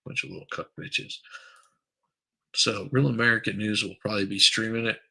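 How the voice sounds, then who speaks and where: A man's voice: on the low side, little pitch movement, moderate pace, creaky, bright, forceful tone, husky, poor audio. A man hosting a live stream, chatting casually and crudely, rambling while he reads viewer comments aloud. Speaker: livestream host.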